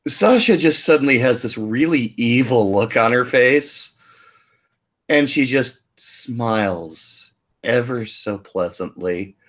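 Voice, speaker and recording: A man with a middle-pitched voice who narrates his character's actions in a tabletop game. He speaks slowly and in an easygoing way. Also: lively intonation. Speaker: player.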